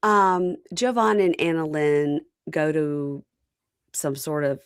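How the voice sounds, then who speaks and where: A woman's voice: sits low, takes it slowly, smooth, no echo, studio quality. A woman hosting a podcast, recapping a reality show in casual chat and acting out the people she quotes. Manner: animated retelling with quoted voices. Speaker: podcast host.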